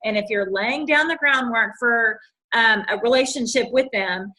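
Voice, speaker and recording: A woman's voice: fairly high pitch, normal speed, pushed and bright. A woman with a Southern US accent, co-hosting a casual chat, talking in a chatty way full of fillers and restarts. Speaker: co-host.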